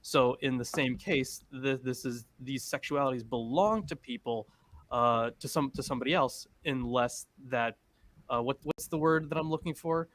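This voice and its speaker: A man's voice: mid-range voice, moderate pace, fairly bright tone. A man on a casual online panel, talking hesitantly with many fillers as he searches for the right words over a video call. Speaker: panel guest.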